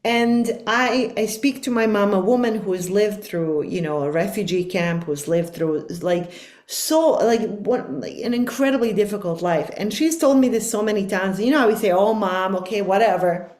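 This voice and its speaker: A woman's voice: mid-range voice, lively intonation, moderate pace, a little mellow, reverberant. A middle-aged woman speaking as a life coach guest on a podcast, talking in an earnest, reflective and emphatic way. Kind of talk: podcast conversation.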